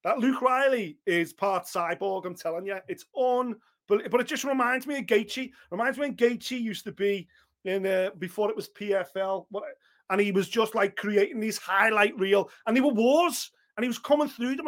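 A man co-hosting a fight podcast, talking in an excitable, gushing way and swearing freely. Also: high-pitched, normal speed. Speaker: podcast co-host. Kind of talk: casual MMA chat.

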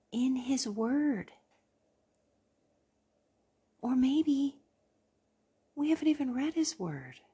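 A woman hosting a devotional podcast in a hushed late-night whisper, tired but earnest and encouraging. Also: medium pitch, breathy edge. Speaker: podcast host. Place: downstairs at home at night.

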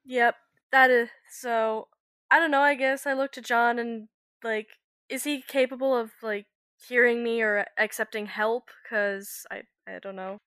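A woman's voice: fairly high pitch, steady tone, unhurried, a bit bright, clean tone, no room sound, clean studio sound. A woman playing a tabletop role-playing game, talking casually and hesitantly. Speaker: player.

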